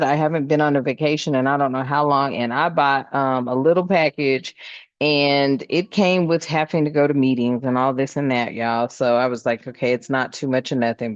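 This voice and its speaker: A woman's voice: rumbling low, no room sound, highs cut off. Laughing woman giving a casual spiritual reading. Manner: laughs a lot, talks to viewers as family. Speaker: spiritual reader.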